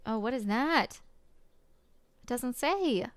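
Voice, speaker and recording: A woman's voice: fairly high pitch, lively intonation, slow, clean tone, no echo. A woman streamer reading a visual novel aloud and reacting to it with chatty, sympathetic comments. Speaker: gaming streamer.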